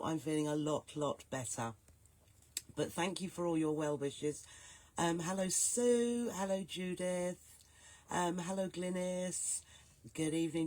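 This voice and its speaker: A woman hosting a live stream, hoarse and gruff from a cold, chatting and greeting viewers by name. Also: on the low side, no room sound. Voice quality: soft, growly, gruff. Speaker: host.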